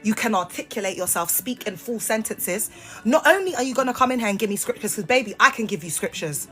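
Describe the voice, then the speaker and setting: A woman's voice: on the high side, expressive, fast talker, sharp tone, faint music behind. A woman, talking on a phone live stream and confronting her viewers in a sassy, heated way. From United Kingdom. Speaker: livestreamer. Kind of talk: casual live-stream rant.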